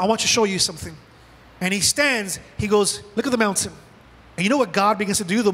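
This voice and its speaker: A man preaching with a high, bright, ringing voice, animated and dramatic, often acting out the lines he quotes. His sermon echoes with a long reverb through a large church hall. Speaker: pastor. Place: church auditorium.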